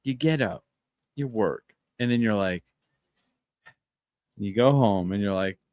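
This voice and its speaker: A man's voice: on the low side, measured pace, a little mellow, no echo, clean studio sound. A man hosting a podcast in casual chat, telling stories with animation and acting out quoted lines. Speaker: podcast host.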